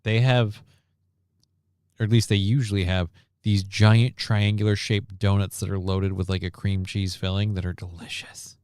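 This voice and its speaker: A man's voice: on the low side, flat delivery, normal speed, darkish tone, smooth, no echo, studio quality. Rambling, foul-mouthed man hosting a chat. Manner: rambling, profane, joking. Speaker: host. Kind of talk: casual chat.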